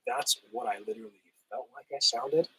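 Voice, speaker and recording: Laid-back husky man streaming live. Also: medium pitch, moderate pace, fairly bright tone, low-quality recording. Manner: laid-back, chatty, laughs often, says "hell yeah". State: recovering from a cold, voice rough. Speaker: livestream host reading chat. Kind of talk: casual livestream chat.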